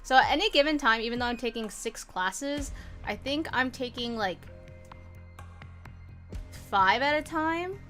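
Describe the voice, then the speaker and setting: A woman in her twenties streaming a game from home, chatting excitedly, pleading and repeating herself as she pulls. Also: high voice, unhurried, pauses often, faint music behind. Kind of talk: casual live-stream chat during game pulls.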